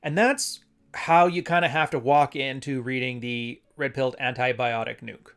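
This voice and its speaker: A man's voice: mid-range voice, steady tone, moderate pace, a bit bright. A man hosting a casual solo show, talking in a loose, rambling way and reading passages aloud. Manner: rambling, conversational, self-correcting. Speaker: podcast host.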